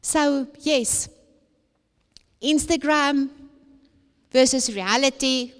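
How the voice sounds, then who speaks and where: High-voiced, emphatic woman speaker. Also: extremely slow, long pauses, clean tone. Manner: emphatic, repetitive preacher-like phrasing. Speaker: conference speaker. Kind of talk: motivational talk to young people. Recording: long hall reverb.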